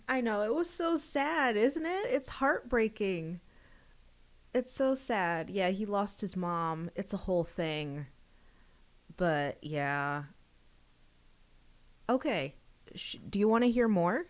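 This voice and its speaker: A young woman, an author, chatting casually on a livestream about her book, giggly and rambling, with sudden high excited bursts. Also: takes it slowly, long pauses. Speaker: author streaming a book reading.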